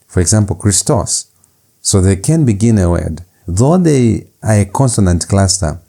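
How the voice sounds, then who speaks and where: Guy with a deep warm voice teaching a class, slow and careful, says words twice so you catch them. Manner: slow, deliberate, repeats key words for drilling. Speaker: Greek language instructor. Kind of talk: recorded lecture.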